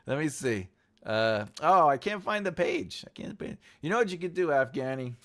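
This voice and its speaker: A man's voice: a little high, sing-song, normal speed, a bit bright. A middle-aged man hosting a casual livestream, playful and laughing often, with bursts of mock-epic proclamation. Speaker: livestream host.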